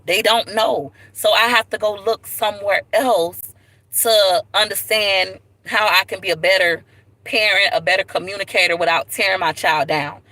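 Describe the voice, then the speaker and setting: A woman speaks straight into her phone on a live stream, open and unguarded as she tells her story. Her voice is bright and forward, with a heartfelt edge and moments close to tears. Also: medium pitch, steady tone, normal speed, no room sound, poor audio. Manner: candid, tearful at times, Southern US slang. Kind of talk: emotional personal storytelling.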